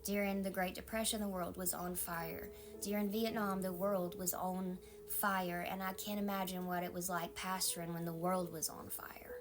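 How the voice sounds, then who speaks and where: A woman pastor with a Southern accent, giving a calm, maternal devotional sermon and often dropping into a soft whisper. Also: on the low side, normal speed, few pauses.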